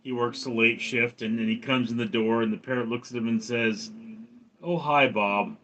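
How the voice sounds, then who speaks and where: A man hosting a casual livestream, telling long jokes. He rambles and restarts his sentences. Give it an offhand, conversational delivery at an ordinary pitch. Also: monotone, fairly quick, fairly bright tone, rough recording. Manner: rambling storyteller, acts out voices in jokes.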